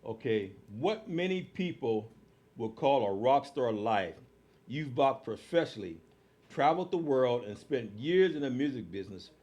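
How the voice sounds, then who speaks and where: A man's voice: mid-range voice, sing-song, normal speed, a little mellow. A man hosting an interview, chatty and playful, often repeating himself as he asks questions. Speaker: host.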